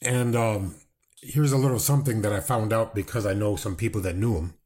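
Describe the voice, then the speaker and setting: A man hosting a chat show, talking deliberately with dry, wry asides. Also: fairly low pitch, a little mellow. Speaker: podcast host. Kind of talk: casual interview chat.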